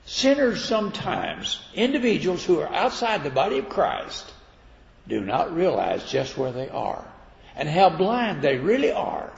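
A man's voice: a little high, creaky. A man preaching a sermon in a folksy, conversational way, retelling scripture stories as he goes. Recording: echoey hall, dull lo-fi sound.

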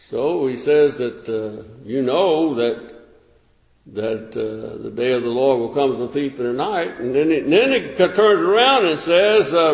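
An older American man preaching a sermon in a measured, conversational way, rising to emphatic peaks. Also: a little high, lively intonation, gravelly. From United States. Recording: echoey hall, dull sound.

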